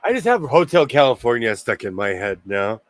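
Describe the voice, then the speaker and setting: A man's voice: mid-range voice, sing-song, fairly quick. An older man hosting a casual livestream chat, talking chattily and laughing easily. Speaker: host.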